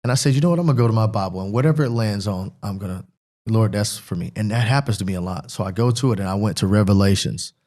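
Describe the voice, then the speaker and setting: A man's voice: lowish voice, fast talker, a little mellow. A middle-aged man from Pennsylvania, a former football player as guest, telling an emotional personal testimony in a rambling, earnest way that keeps repeating itself.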